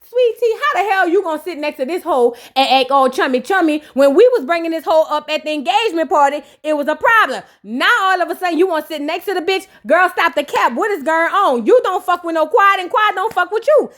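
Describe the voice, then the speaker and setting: A woman's voice: very high-pitched, expressive, brisk, hardly any pauses, fairly bright tone, voice pushed up. A woman putting on the voice of a brash, outspoken woman who curses and calls people out. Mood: scornful, heated. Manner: profane and confrontational.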